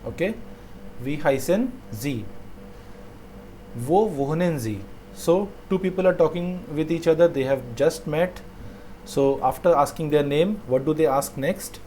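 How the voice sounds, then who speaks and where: A man teaching a language lesson, saying each phrase slowly twice and then explaining it. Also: on the high side, dark tone, slight background noise.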